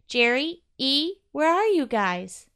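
A woman's voice: on the high side, sing-song, a little slow, fairly bright tone, exaggerated voice. A woman voicing a worried, earnest male Christmas ornament.

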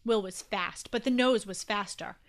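A woman narrating a children's story in an expressive, animated reading. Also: mid-range voice, moderate pace.

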